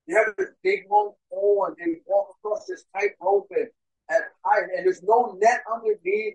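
A young man preaching a sermon as pastor, telling stories and swinging between loud and hushed delivery. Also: high-pitched, very animated, moderate pace, vocal fry, slightly rough, highs cut off. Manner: storytelling, acts out crowd voices, swings between loud and hushed.

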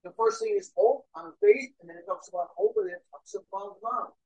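A young man preaching a sermon as pastor, telling stories and swinging between loud and hushed delivery. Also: sits high, very animated, brisk, creaky, muffled recording. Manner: storytelling, acts out crowd voices, swings between loud and hushed.

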